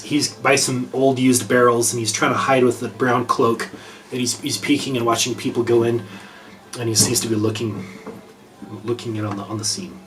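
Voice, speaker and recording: A man narrating a tabletop game as game master, often halting and repeating words. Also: mid-range voice.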